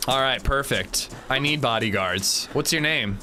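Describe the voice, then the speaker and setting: A bright-voiced man hosts a gaming livestream, chatty and upbeat as he thanks viewers. Faint game sounds play behind him. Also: medium pitch, unhurried, a little hiss or hum. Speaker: streamer. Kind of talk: casual livestream gaming chat.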